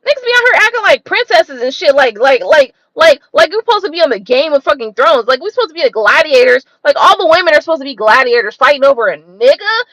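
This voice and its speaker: High, animated woman ranting bluntly. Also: fast, few pauses, no echo, poor audio. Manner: blunt, profane, exasperated ranting with rhetorical questions. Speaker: tarot reader and channel host. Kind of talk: unscripted livestream rant.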